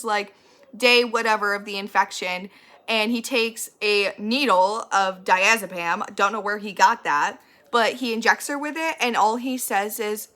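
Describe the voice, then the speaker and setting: A woman giving a casual spoiler recap of a show, blunt, opinionated and quick to swear. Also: medium pitch. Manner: blunt and ranty, swears freely; animated and opinionated. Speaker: YouTuber recapping a TV episode.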